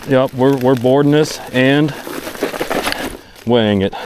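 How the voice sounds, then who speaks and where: A man's voice: mid-range voice, slow, background noise. A man filming himself fishing from a boat outdoors, talking to the camera and exclaiming and repeating himself as he goes. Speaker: fishing vlogger. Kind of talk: excited on-the-water commentary.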